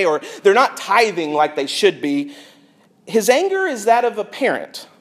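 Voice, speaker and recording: A male pastor, preaching a sermon in an earnest, conversational way with dramatic emphasis. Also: sits high.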